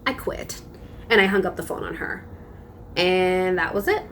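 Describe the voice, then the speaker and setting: Animated young woman telling a story. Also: lowish voice, moderate pace, slight background noise. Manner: animated, emphatic retelling with frequent laughs. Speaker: vlogger. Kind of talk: casual storytelling.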